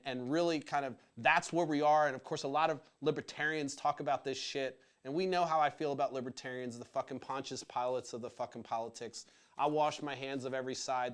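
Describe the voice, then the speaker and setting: A man's voice: fairly high pitch, clean tone. A man hosting his own show, ranting about politics in an angry, profane, emphatic way. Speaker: podcast host.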